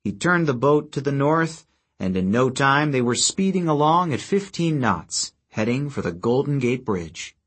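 Brief: husky male storyteller, mid-pitched, steady scripted narration. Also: a little slow. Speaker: audiobook narrator.

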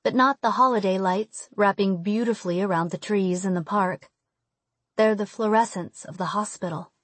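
A woman reading a first-person audiobook, measured in her narration and emotional in the dialogue, on a close studio mic. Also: mid-range voice, no room sound.

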